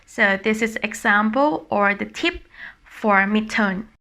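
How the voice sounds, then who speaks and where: Casting note: young woman, Thai accent, language teacher, very slow and clear, bright, lightly raised voice. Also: mid-range voice. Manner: slow, demonstrative, repeats each tone several times. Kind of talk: online language lesson.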